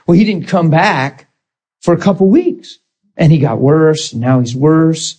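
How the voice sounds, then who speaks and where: Man, fairly high voice, teaching a healing class, animated storyteller who acts out quotes. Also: normal speed, breathy edge. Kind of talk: informal teaching talk.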